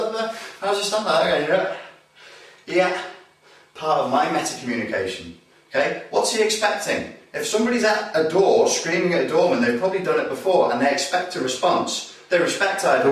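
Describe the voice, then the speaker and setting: A man's voice: medium pitch, fairly bright tone, heavy reverb, far from the mic, rough recording. A man teaching self-defence, talking bluntly and with swearing, acting out tense bar and door scenes. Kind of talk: instructional talk with acted examples.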